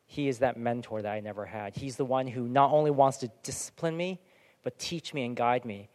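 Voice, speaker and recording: A man preaching a sermon as pastor, lively and animated, dropping to soft, near-whispered prayer lines. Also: medium pitch, a little fast. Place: church hall. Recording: long hall reverb.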